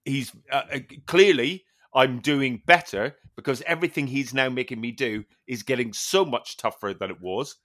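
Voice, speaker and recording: A man co-hosting a casual podcast chat, telling an animated story with plenty of swearing and laughter. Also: mid-range voice, moderate pace, few pauses. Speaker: podcast co-host.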